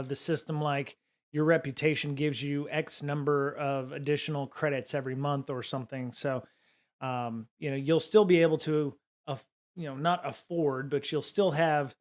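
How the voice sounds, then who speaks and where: A man hosting a live-stream podcast, talking casually and musing aloud in a rambling way. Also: mid-range voice.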